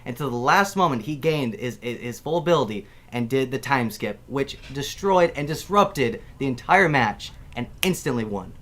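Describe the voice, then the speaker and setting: A man's voice: mid-range voice, expressive, moderate pace, hardly any pauses, a bit bright. A man arguing his pick on a casual panel, rambling and repeating phrases as he builds his case.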